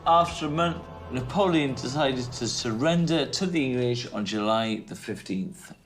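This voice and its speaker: A man comedian retelling history in a jokey, animated way, slipping into voices. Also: mid-range voice, normal speed, faint music behind. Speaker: comedian storyteller.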